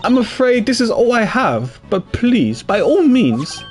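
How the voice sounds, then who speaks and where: A man putting on a dainty young woman with a sweet, polite way of speaking and a high, soft falsetto. her voice swings up and down with lively, playful pitch. faint game music hums underneath. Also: a little slow, heavily acted. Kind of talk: reading game dialogue aloud.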